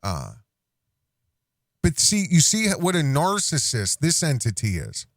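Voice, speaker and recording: Slow, sarcastic man with lively pitch. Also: no room sound, studio quality. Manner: sarcastic, mocking, laughs often. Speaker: commentary show host. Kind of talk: reaction commentary.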